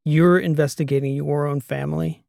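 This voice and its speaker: A man's voice: on the high side, fairly even intonation, moderate pace, creaky, darkish tone, dry recording, clean studio sound. A man voicing an agitated, incredulous male historian who keeps firing off demanding questions. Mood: alarmed.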